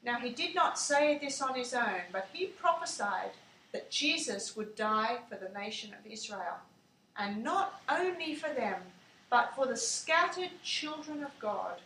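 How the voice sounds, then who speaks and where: A woman reads a Bible story aloud in a slow, measured storytelling manner. Her voice is high and bright. The sound comes from a distance in an echoey room with faint ambience behind her. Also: lively intonation, a little hiss or hum. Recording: echoey room, mic far off.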